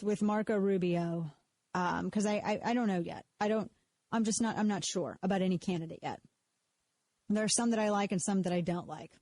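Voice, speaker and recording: A woman talks on live radio in a loose, sarcastic way. She keeps cutting herself off, repeating words as she restarts her thoughts. Her voice sits at a middling pitch and is picked up close and dry in the studio, with no room sound. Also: a little mellow, no room sound. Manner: sarcastic, mocks others in put-on voices; self-interrupting, repeats words when restarting. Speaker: radio show host. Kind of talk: casual talk radio monologue.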